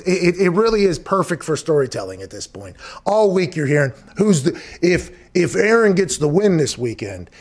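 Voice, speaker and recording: A man hosting a sports talk show, rambling and emphatic in casual chat, swearing freely. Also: a little high.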